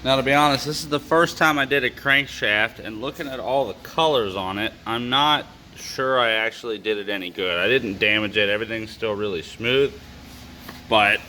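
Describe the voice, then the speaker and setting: A man with a hoarse voice, chatting casually with lots of fillers as he walks through an engine cleaning for his vlog. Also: medium pitch, moderate pace, bright, forceful tone, slight background noise. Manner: chatty, full of fillers and asides. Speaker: car-build vlogger. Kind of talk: casual workshop walkthrough.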